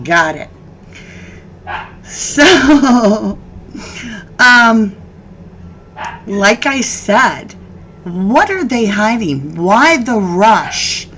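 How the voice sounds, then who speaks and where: A woman hosts a casual live-stream chat at an unhurried, drawn-out pace. Her voice sits in a middle range and she talks chatty and homespun, with a little background hiss underneath. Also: mid-range voice, a bit bright, rough recording. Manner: chatty, scolding her dogs mid-stream, laughing. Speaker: host of a live true crime chat.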